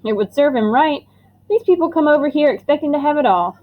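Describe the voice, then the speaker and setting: Woman voicing a gruff middle-aged dad, blunt, scolding, fairly high voice, muffled audiobook sound. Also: lively intonation, fairly quick. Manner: forceful, scolding.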